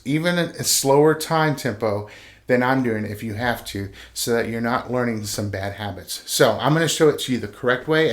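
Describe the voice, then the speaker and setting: Male band teacher, average pitch; counts beats aloud while demonstrating, casual and encouraging. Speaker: band director teaching conducting. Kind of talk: instructional video lesson.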